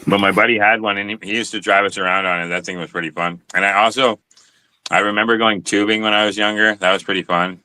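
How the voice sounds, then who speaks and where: Very deep-voiced laid-back man swearing. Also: steady tone, pushed and bright, clear, resonant tone, dry recording. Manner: laid-back, profane, halting storytelling. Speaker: host. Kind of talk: casual chat.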